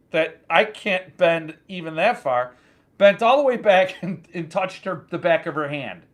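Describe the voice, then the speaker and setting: Animated, joking man telling a story. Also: sits high. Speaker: channel host. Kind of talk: casual chat.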